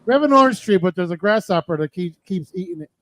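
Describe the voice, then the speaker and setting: A man's voice: high voice, animated, quick pace, dry recording, rough recording. Joking, swearing male radio host. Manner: loose, joking, swears casually. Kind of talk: casual chat on a live video call show.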